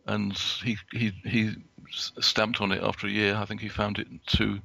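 A man giving a prepared talk from notes as a guest, halting, with many restarts and fillers. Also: lowish voice, flat delivery, vocal fry, pushed and bright, no echo. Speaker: guest speaker.

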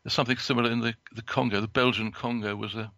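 A man giving a prepared talk from notes as a guest, halting, with many restarts and fillers. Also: medium pitch, flat delivery, pushed and bright, no room sound. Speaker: guest speaker.

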